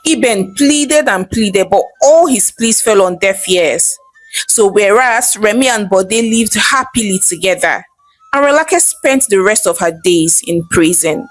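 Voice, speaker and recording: A woman with a Nigerian accent narrating a folktale in a lively, chatty way. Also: mid-range voice, measured pace, no echo, faint music behind. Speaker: storyteller. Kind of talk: storytelling narration.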